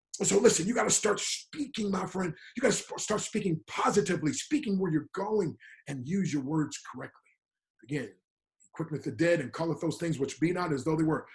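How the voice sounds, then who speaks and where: A man giving a fiery motivational talk in a preaching style, quoting scripture and repeating lines with emphasis. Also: sits high. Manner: emphatic, repetitive, quotes scripture, frequent "my friend". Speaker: motivational speaker.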